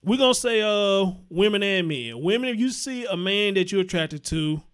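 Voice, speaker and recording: Host, male, high-pitched, blunt and profane live commentary, repeats lines for emphasis. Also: animated, normal speed, a bit bright, clean tone.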